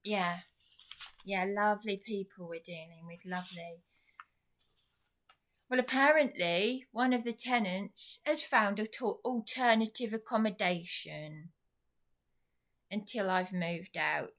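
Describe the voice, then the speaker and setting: Slow, sarcastic woman vlogging. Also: medium pitch, expressive, a bit bright. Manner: sarcastic, indignant, rambling. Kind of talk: venting monologue to camera.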